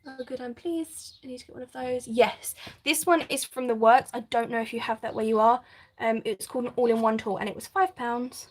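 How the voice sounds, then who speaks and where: A woman's voice: on the high side, fairly even intonation, brisk. A woman hosting a live crafting stream, chatting casually, reading viewer comments and laughing often. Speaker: craft channel host.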